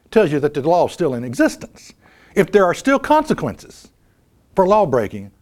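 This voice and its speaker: Emphatic man preaching with lively pitch. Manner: emphatic, rhetorical questions, repeats key phrases. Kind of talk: sermon.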